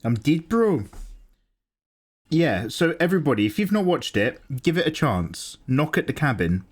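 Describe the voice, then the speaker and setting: Jokey young male streamer chatting as he draws, animated delivery. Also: on the high side, normal speed. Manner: chatty, jokey, laughs often. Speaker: livestream host. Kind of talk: casual chat while drawing.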